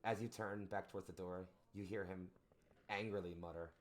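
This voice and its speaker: A man narrating a tabletop role-playing game as game master, descriptive and animated. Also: sits low, moderate pace.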